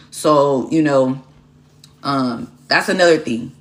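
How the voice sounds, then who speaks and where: A woman's voice: extremely low pitch, moderate pace. A woman streaming a tarot session chats casually and bluntly, swearing often. She rambles from point to point and breaks off to thank viewers by name. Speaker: tarot reader and livestream host. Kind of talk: casual livestream chat.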